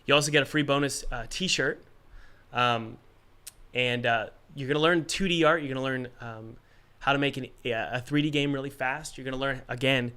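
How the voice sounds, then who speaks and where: Hosting a casual livestream while fighting a cold, a man coughs occasionally as he hands out game development advice, energetic, rambling and full of jokes. His mid-range voice is clear and resonant, at a moderate pace.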